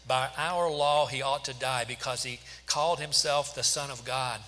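A man voicing a hostile crowd of leaders who make loud, shouted demands. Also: medium pitch, fairly even intonation, normal speed, natural voice. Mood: shouting. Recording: long hall reverb.

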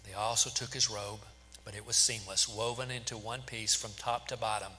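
A man's voice: lowish voice, little pitch movement, normal speed, bright, forceful tone, slight background noise. A man reading scripture aloud in a dramatic way, narrating steadily with small stumbles. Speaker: scripture reader. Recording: long hall reverb.

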